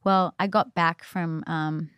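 A woman's voice: lowish voice, steady tone, takes it slowly, fairly bright tone, clear, resonant tone, dry recording. A woman telling a personal faith story in casual conversation, chatty and earnest, full of "like" and "you know". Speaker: guest.

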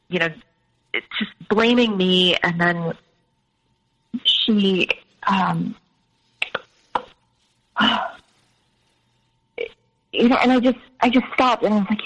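A woman's voice: mid-range voice, slow, long pauses, a bit bright, rough recording. A woman as a podcast guest, earnestly recounting personal experiences with frequent restarts. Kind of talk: emotional personal storytelling.

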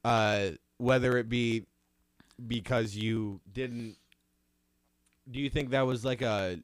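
A man hosts a relaxed podcast talk, laughing along and asking his guest questions. His pitch is moderate and his delivery easygoing. The recording is dry and close, with no room echo. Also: slow pace, clear, resonant tone. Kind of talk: casual chat.

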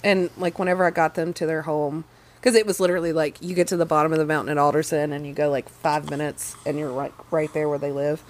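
A young woman telling a story in casual chat, lively and swearing freely. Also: low-pitched, fast talker. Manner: animated, swears freely, acts out quotes. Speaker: podcast co-host.

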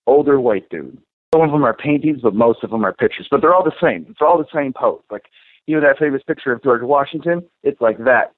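A man's voice: mid-range voice, dry recording. Profane man telling a story over a tinny line. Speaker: podcast co-host. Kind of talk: casual storytelling. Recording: tinny phone-like dry sound.

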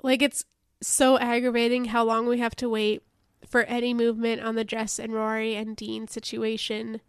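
A young woman chatting on her podcast while nasal and congested from a cold. Her voice sits high but barely moves in pitch, and it comes across smooth and clear in a dead, dry room. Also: moderate pace, no room sound. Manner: relaxed, frequent "like" and laughs. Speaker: podcast co-host. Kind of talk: casual chat.

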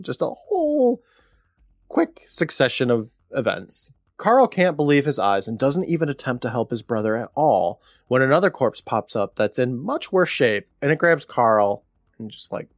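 A man co-hosting a podcast, retelling an episode from his notes in a wry, deadpan way with frequent laughs. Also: mid-range voice, normal speed, no echo, clean studio sound. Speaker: podcast co-host recapping an episode. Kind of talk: casual chat, recapping from notes.

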